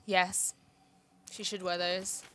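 A woman's voice: on the low side, little pitch movement, slow pace, sharp tone, a little hiss or hum. A woman co-hosting a let's play, giggling and making playful puns. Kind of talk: casual gameplay chat.

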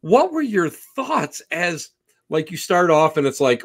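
A man hosting an interview, enthusiastic and rambling, his voice swinging from soft to loud as he builds up to his questions. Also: a little high, sing-song, measured pace. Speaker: podcast host. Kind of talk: casual interview.

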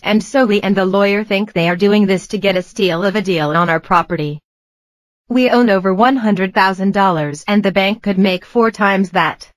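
A computer-generated woman's voice reading out a personal vlog in an even, mechanical way. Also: medium pitch, no echo, poor audio. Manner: evenly read, mechanical delivery. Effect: computer-generated text-to-speech voice. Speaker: vlogger. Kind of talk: text-to-speech narration of a personal vlog.

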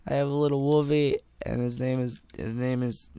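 A man's voice: mid-range voice, steady tone, moderate pace, dark tone, clean tone, no room sound. A man giving gameplay commentary, panicking, pleading and swearing, laughing at himself. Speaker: gamer.

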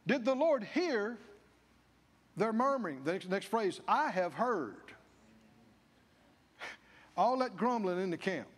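A man's voice: high voice, sing-song, slow pace, long pauses, in a large hall. A male pastor preaching a sermon, folksy, acting out the grumbling of the people. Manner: folksy, acts out the people's grumbling in character voices. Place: church.

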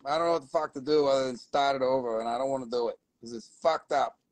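A man's voice: medium pitch, steady tone, quick pace, no echo, rough recording. A middle-aged man hosting a casual live sales stream for minerals, rambling and swearing as he goes. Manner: rambling and profane, swearing often.

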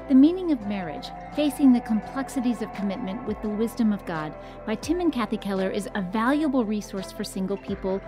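Female announcer, scripted promo read, warm mellow voice, even delivery, faint music bed. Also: fairly high pitch.

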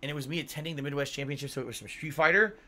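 Man, home streamer, casual rambling chat to chat, bright forceful tone, a little tired. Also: fairly high pitch, very fast. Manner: rambling, swears casually, reads donor messages aloud. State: yawning, tired.

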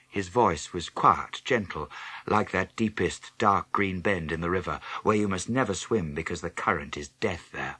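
A man narrating an audiobook with expressive storytelling. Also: sits low, normal speed, slightly rough, no echo. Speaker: audiobook reader. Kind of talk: scripted narration.

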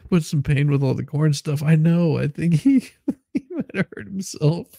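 A man's voice: fairly high pitch, big pitch swings, moderate pace, creaky, warm tone, no echo, studio quality. A man co-hosting a casual live stream, laughing constantly and reading viewer comments aloud. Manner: laughs constantly, giggly and amused. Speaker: livestream co-host reading chat.

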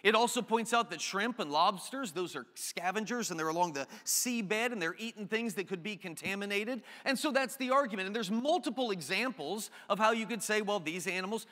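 Bright-voiced, high man preaching in a hall. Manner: animated, jokey asides, shifts between reading scripture and quick chatter. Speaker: pastor. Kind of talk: sermon. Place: church sanctuary. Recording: long hall reverb.

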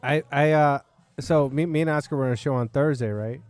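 Man, podcast host, comedian, quick rambling delivery, swears a lot, casual chat. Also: a little high, a little mellow. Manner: rambling, profane storytelling. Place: bar.

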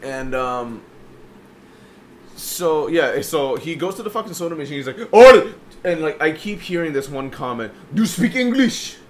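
A young man co-hosts a podcast, telling a profane story in casual conversation and acting out its characters. His voice is fairly high-pitched and his speed normal.

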